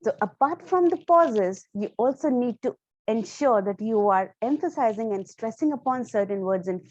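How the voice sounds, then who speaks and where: A woman teaching public speaking to camera. She stresses key words and uses deliberate pauses. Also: mid-range voice, darkish tone, dry recording, dull audio. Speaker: speaking coach. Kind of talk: instructional talk to camera.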